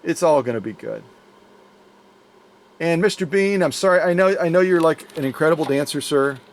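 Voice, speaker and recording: A man's voice: a little high, normal speed. A man hosting a sewing machine restoration channel, chatting casually in his workshop with playful, rambling, jokey asides. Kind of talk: casual unboxing chat to camera. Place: home workshop.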